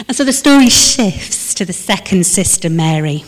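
A woman preaching a sermon. She moves between lively emphasis and hushed, slowed reflection. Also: on the low side. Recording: long reverb of a large hall.

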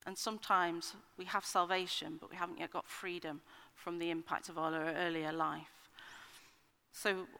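A woman's voice: fairly low pitch, steady tone, moderate pace, creaky, bright, forceful tone, clear, resonant tone. A middle-aged woman giving an earnest, conversational personal-testimony sermon, with frequent ums and restarts. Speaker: speaker at a church meeting. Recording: hall with long reverb.

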